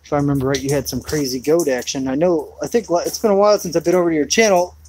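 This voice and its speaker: A man's voice: on the high side, very fast, noisy background. A man rambling through a laid-back live chat outdoors in his rainy backyard, full of fillers. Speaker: homesteading vlogger.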